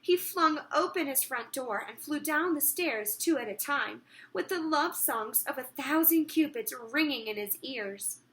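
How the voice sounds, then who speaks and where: A woman who reads a storybook aloud for children in an expressive, storytelling way. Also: high-pitched, measured pace, few pauses. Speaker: teacher reading aloud.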